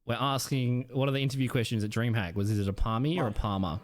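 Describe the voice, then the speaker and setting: A man's voice: medium pitch, fast talker. A man with a South Australian accent chatting casually with his stream chat, playful and smug, swearing offhand.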